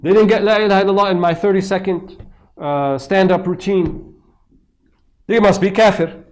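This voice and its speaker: A man lampooning a smug, overzealous young preacher who talks noticeably higher and louder than his plain voice. He sounds self-satisfied and indignant, and the voice jumps up into sharp outbursts. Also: fairly even intonation, moderate pace, close to an everyday voice.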